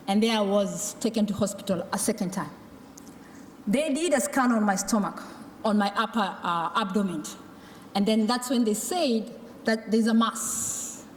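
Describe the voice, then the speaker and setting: A Maasai woman from Kenya or Tanzania gives a personal testimony as a tuberculosis survivor in a large conference hall, acting out what the doctors and her mother told her. Her mid-range voice is a little mellow. The recording is echoey, with a little hiss or hum.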